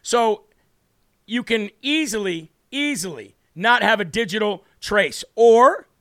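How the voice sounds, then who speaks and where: An American host of a political livestream show reads viewer comments brashly from a home studio with a city view at his back, hammering key words. He takes it slowly in a high-pitched, expressive, slightly bright voice. The audio is clean studio sound with no echo.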